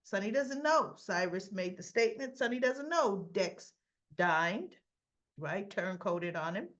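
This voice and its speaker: A woman's voice: medium pitch, lively intonation, measured pace, fairly bright tone, muffled recording. Chatty, sassy woman recapping a soap. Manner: chatty, sassy, acts out the characters' lines. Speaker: soap opera reviewer. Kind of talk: casual episode recap.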